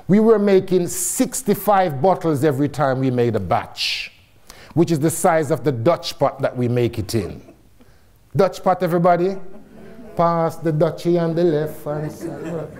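A man from Jamaica telling his story to an audience, fairly high in pitch and swinging it widely. He sounds middle-aged, laughs often and drops the odd swear word. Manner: animated and laughing, with casual swearing. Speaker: guest speaker. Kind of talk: storytelling talk to a live audience.

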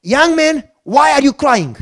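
A man's voice: very high voice, big pitch swings, measured pace, creaky, a bit bright, voice pushed up, full character voice. A man putting on the voice of a blunt older male seminary dean who questions insistently.

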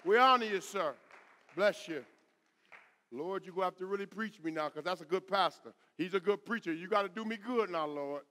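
A middle-aged man preaching a sermon as pastor, with call-and-response and rising shouts. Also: sits high, fairly quick. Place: church sanctuary. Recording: echoey church hall.

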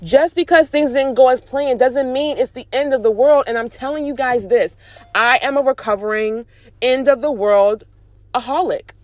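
Chatty young mom talking while driving. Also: female voice, sits high, normal speed, no echo. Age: young adult. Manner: animated, chatty, preachy encouragement. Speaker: mom vlogger. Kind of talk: casual motivational talk to camera. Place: in a car, driving.

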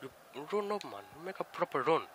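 A man's voice: a little high, very animated, brisk, crowd noise. A young man commentating his own football video game, frustrated and ranting at his players. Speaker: gaming channel host. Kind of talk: let's play commentary.

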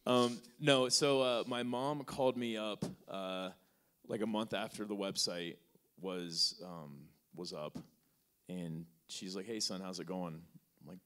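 A man's voice: low voice, a little slow, clean tone. A male podcast host answering an audience question in front of a live crowd and telling a story with acted dialogue. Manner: acts out both sides of a conversation; relaxed, with many fillers.

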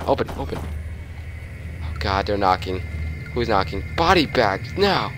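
A man's voice: on the low side, very animated, measured pace, music in the background. A man giving nervous let's play commentary on a horror game, jumpy, swearing and sometimes dropping to whispers. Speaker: gamer playing a horror game.

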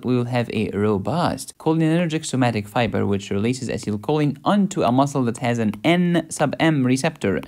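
A man hosting a medical lesson, lecturing playfully with puns and quick asides. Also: medium pitch, darkish tone. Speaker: medical educator and channel host.

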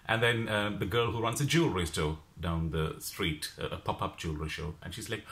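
A man from Sri Lanka telling a story in a casual vlog, exasperated and animated. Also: lowish voice, brisk, hardly any pauses. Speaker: vlogger.

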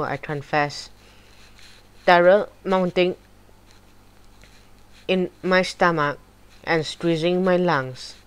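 Slow, low-voiced woman reading aloud. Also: clear, resonant tone, poor audio. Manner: slow, deliberate and even. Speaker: storybook reader. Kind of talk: audiobook narration of a horror chapter.

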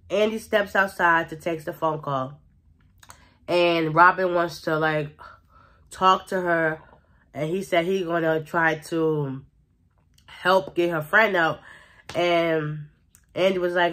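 A woman vlogger recapping a TV episode in a casual, gossipy way, full of "like" and quick laughs. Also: lowish voice, fairly even intonation, sharp tone. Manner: chatty, gossipy retelling with frequent "like" and laughter.

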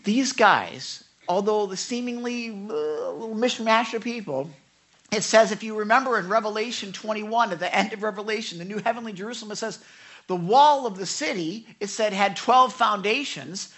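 A man's voice: high voice, normal speed. A male pastor preaching a sermon, telling stories with lots of repeated words and casual voiced paraphrases of the people in them. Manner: stammering, animated storytelling with voiced paraphrases. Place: church sanctuary.

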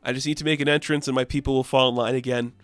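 A man's voice: mid-range voice, level tone, very fast, clear, resonant tone, no room sound, faint music behind, close to an everyday voice. A man voicing a confident woman warrior who speaks in a breezy, upbeat way.

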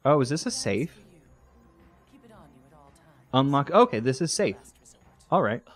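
A man's voice: medium pitch, big pitch swings, takes it slowly, soft background music. A man hosting a let's play, giving casual gameplay commentary that rambles, jokes and corrects itself as he goes. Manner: rambling, self-correcting, joking.

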